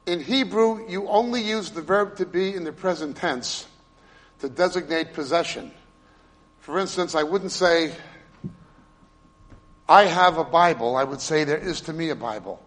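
A male preacher with a voice a little higher than most men. He teaches emphatically in a sermon, pressing hard on key words and then dropping into quiet asides. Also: a little slow, long pauses, big-room sound. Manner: emphatic, explains Hebrew and Greek words; swings between loud stresses and quiet asides.

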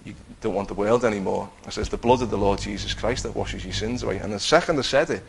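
Gravelly low-voiced man. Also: fast, slight background noise, low-quality recording. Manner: conversational, acts out his own quotes, many restarts. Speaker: person giving a faith testimony. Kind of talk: personal testimony storytelling.

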